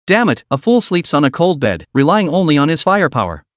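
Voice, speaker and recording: A man's voice: on the high side, sing-song, brisk, no echo, studio quality. A man voicing a cocky, crude young man who swears his way through trouble. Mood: frantic. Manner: blunt, swearing inner monologue.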